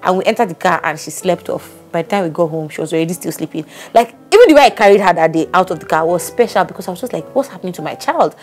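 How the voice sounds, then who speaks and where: A woman, co-hosting a casual chat and telling a story with lively acted-out quotes. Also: fairly low pitch, rapid-fire, few pauses. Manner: animated storytelling, acts out quotes. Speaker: podcast co-host.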